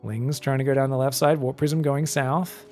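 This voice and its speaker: A man's voice: mid-range voice, fairly even intonation, normal speed, darkish tone, faint music behind. A man casting a live esports match with chatty, joking play-by-play. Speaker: esports caster. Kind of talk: live game commentary.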